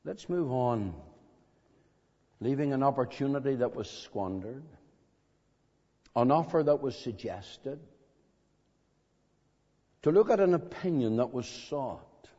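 Slow dramatic preacher in an echoing hall. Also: male voice, medium pitch, lively intonation, dark tone, breathy edge. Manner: slow, dramatic, with emphatic questions. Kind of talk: evangelistic sermon. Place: meeting hall. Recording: dull lo-fi recording in a reverberant hall.

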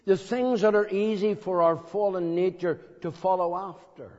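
A man preaching an evangelistic sermon in a meeting hall, slow and dramatic, pressing his listeners with emphatic questions. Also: high-pitched, fairly even intonation, a little mellow. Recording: dull lo-fi recording in a reverberant hall.

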